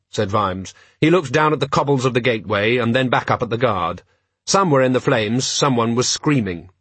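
A man narrating a novel in a measured, dry storytelling manner. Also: medium pitch, a bit bright, breathy edge, no room sound. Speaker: audiobook narrator. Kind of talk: scripted narration.

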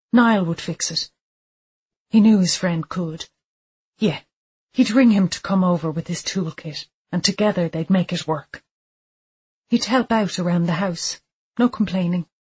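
A woman reading a dark thriller audiobook aloud, measured and deliberate, with quiet tension. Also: on the low side, husky. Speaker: audiobook narrator. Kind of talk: scripted narration of a dark thriller.

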